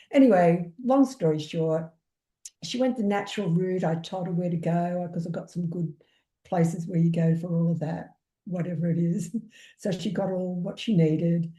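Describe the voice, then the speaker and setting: A woman from Australia with a mellow, warm tone, telling stories in a lively way and acting out each quote. Her voice rings out in an echoey room. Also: fairly low pitch. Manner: animated storyteller who acts out quotes. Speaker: energy healer, guest. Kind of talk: casual conversation.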